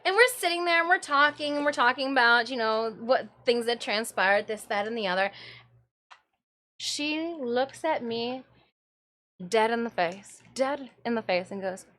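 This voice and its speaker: High-voiced woman from michigan on a live stream, giggly and excitable, telling stories and laughing a lot. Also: a little slow. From Michigan, USA. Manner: giggly, excitable storyteller, often breaking into laughter. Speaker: streamer and cosplayer. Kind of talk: casual live-stream chat.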